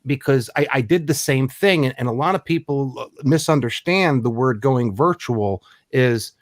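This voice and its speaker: A man's voice: mid-range voice, normal speed, no room sound. Philly guy hosting a podcast, super dry sound, gets worked up, keeps repeating himself. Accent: Philadelphia. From Philadelphia. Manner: excitable, repeats words, laughs often. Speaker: podcast host. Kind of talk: casual interview chat.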